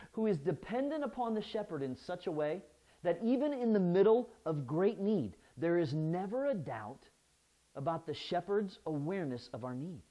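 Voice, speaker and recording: A man's voice: high-pitched, a little mellow, low-quality recording. A man preaching a sermon as pastor, often restarting his phrases and asking the listeners "right?".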